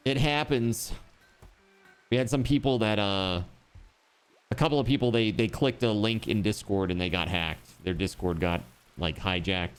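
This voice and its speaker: A man's voice: on the low side, moderate pace, clean tone, faint music behind. A man streaming a game, chatting casually and joking, swearing freely. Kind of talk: casual chat while gaming.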